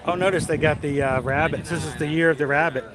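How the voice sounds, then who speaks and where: A fairly high-voiced man hosts a casual livestream outdoors, reading viewers' names and hometowns in a chatty, welcoming way. Steady park noise sits clearly behind his voice. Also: quick pace. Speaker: livestream host. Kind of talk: casual live stream chat.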